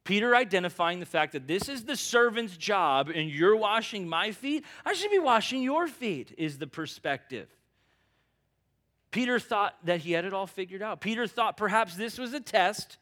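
A man's voice: high-pitched, lively intonation, normal speed, a bit bright. A male pastor preaching a sermon in an earnest, emphatic, conversational way.

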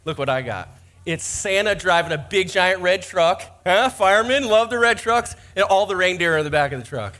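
Bright high-ish voice, guy in his 40s preaching, cracking jokes at himself from the pulpit. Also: lively intonation, normal speed. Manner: joking, self-mocking storyteller. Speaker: pastor. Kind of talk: sermon. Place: church.

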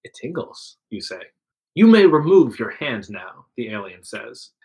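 A man's voice: mid-range voice, very animated, a little slow, darkish tone, poor audio. A man reading a second-person adventure story aloud to friends, voicing the quotes with some liveliness. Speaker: narrator reading an interactive story.

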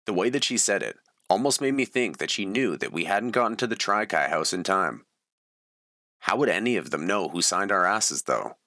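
A man's voice: low voice, bright, forceful tone, dry recording, clean studio sound. A man reading his own story aloud in a plain, matter-of-fact way. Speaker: memoir reader.

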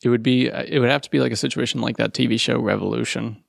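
A man's voice: medium pitch, fairly even intonation, quick pace, vocal fry, no room sound, studio quality. A man hosting a fan podcast in casual chat, easygoing and often laughing along. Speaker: podcast host.

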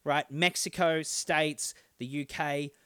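An Australian man co-hosting a podcast in casual, jokey banter, laughing often and firing back quick comebacks. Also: fairly high pitch, fairly even intonation, fairly bright tone, clean tone, no room sound, clean studio sound. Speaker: podcast co-host.

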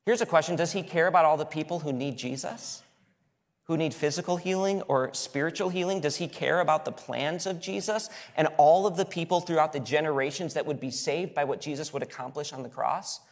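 A man's voice: fairly high pitch, fairly quick, long reverb tail. A man preaching a sermon as a pastor, talking in an earnest, conversational storytelling way.

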